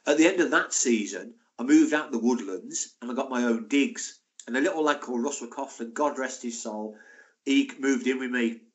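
Older ex-footballer guest, chatty storyteller, mid-pitched voice. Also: male voice, moderate pace. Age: 60s. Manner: chatty, animated, laughing anecdotes. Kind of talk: casual interview storytelling.

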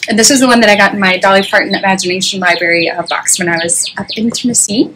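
Woman reading a picture book, lively and exclamatory. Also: medium pitch, fast talker, background noise. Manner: animated, exclamatory. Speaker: children's story reader.

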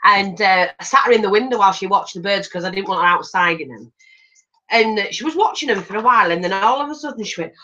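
An older woman with a bright, sharp tone and a lively, swooping delivery. She chats casually as she crafts and jumps into voices whenever she tells a story. The recording is a little dull and lo-fi. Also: mid-range voice, fast. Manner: animated, acts out voices in anecdotes. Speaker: craft channel host. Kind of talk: chatty storytelling while crafting.

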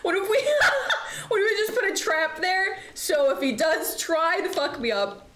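A woman's voice: very high voice, big pitch swings, a little slow, a bit bright. A young woman streaming a horror game, chatting and swearing as she plays, with nervous laughs. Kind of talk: live game commentary. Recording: echoey room, faint noise.

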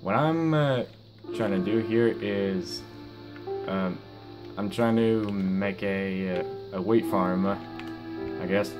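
A teenage boy with a low, deep voice talks slowly through his gameplay, halting and restarting with lots of fillers. His mouth is sore after dental surgery, and guitar music plays under his voice. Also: flat delivery. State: sore mouth after wisdom teeth removal. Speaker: gaming YouTuber. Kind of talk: casual gameplay commentary.

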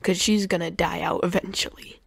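A woman's voice: fairly low pitch, steady tone, normal speed, creaky. A young woman giving sarcastic, mocking commentary on clips, often tripping over her words. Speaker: commentary youtuber.

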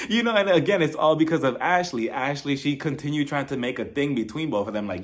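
A young man giving a casual, opinionated recap of a reality show, animated and incredulous, mockingly acting out what the cast said. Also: a little high, fast talker, hardly any pauses.

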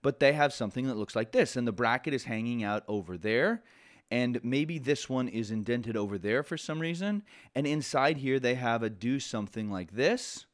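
A man's voice: medium pitch, animated, normal speed. A man teaching a programming lesson in a conversational way, often restarting sentences and adding asides. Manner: conversational, self-correcting, with frequent asides. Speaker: programming instructor. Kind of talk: casual lecture.

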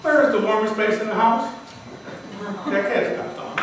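An older man with a high voice and moderate pace delivers a prepared contest speech, sharing a personal story in an earnest, dramatic way. A far-off mic in the large hall captures echo, faint ambience and a noisy background.

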